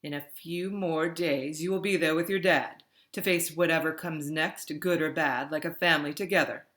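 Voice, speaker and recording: A woman voicing a brusque middle-aged female caretaker who speaks loudly in clipped phrases. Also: deep voice, fairly even intonation, moderate pace.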